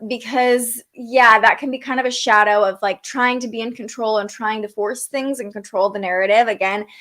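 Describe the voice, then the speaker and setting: A young woman with a slightly high voice talks through an astrology forecast in a loose, chatty way. She fills pauses with likes and ums and restarts her sentences as she goes. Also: fairly bright tone. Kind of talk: casual livestream talk.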